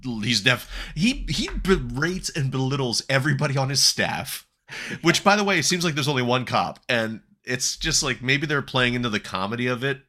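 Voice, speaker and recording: Bright-sounding guy, podcast host, laughing a lot, chatting about a movie. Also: mid-range voice, very animated, moderate pace. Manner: wry, laughs often, talks through a plot summary. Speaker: podcast host reviewing a film. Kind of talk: casual chat.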